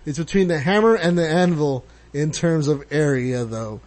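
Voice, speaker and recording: A man's voice: a little high, moderate pace, darkish tone. A man co-hosting a casual podcast, reading slang entries aloud with crude jokes. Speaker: podcast co-host.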